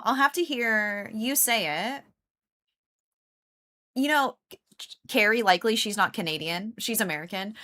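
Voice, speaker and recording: A woman's voice: mid-range voice, lively intonation, normal speed, bright, forceful tone. A woman live streamer chatting casually with her viewers, rambling with lots of fillers and laughing often. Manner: chatty, laughs often, greets and answers chat.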